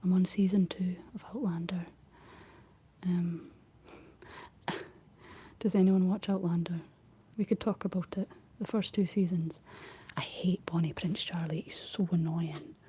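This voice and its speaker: Breathy whispering Scottish woman. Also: fairly low pitch, fairly even intonation, unhurried. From Scotland. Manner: soft rambling whisper, reading and answering chat. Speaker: ASMR livestream host. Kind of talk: whispered ASMR chat.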